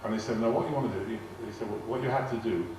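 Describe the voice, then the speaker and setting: This older guest speaker talks fast in a medium-pitched, darkish voice, rambling through anecdotes for a live audience, repeating words and acting out quoted lines. The setting is a large arts hall, heard through a distant mic with echo and faint noise. The audience laughs in the background.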